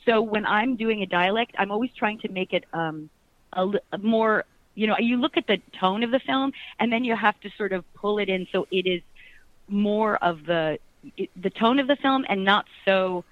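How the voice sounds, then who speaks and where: A middle-aged actress talking animatedly in an interview, laughing often and rambling with restarts. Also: female voice, mid-range voice, normal speed, dry recording, phone-quality sound. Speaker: actress, guest. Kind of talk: casual interview chat.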